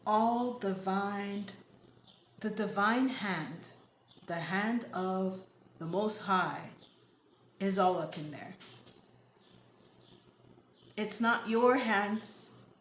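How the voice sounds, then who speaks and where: A woman's voice: mid-range voice, extremely slow, long pauses. Soothing woman giving a tarot reading. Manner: soothing, reassuring, repetitive. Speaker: tarot reader. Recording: echoey room, faint background noise.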